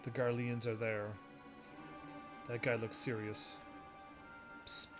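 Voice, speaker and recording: A man casually commentating while he plays a game, rambling and quick to laugh at it, with game music behind him. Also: mid-range voice, level tone. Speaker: gaming video host. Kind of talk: casual let's-play commentary.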